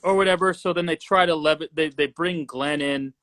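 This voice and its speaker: Chill guy with a higher voice, lots of bro and like, recapping a horror movie. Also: brisk, a bit bright. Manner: laid-back, lots of "bro" and "like", laughs easily. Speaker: horror movie discussion co-host. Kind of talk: casual chat. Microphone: live social video stream.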